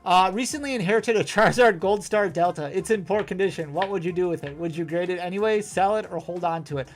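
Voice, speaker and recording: A man's voice: high voice, fast, soft background music. Chatty man with a Wisconsin accent. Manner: chatty and self-deprecating, laughs often. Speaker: host. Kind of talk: live-stream card-pack opening, reading chat.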